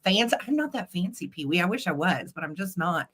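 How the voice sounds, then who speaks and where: A woman's voice: on the low side, big pitch swings, brisk, fairly bright tone, slightly rough. A middle-aged woman hosting a live vintage sale stream, bubbly and chatty, greeting viewers by name.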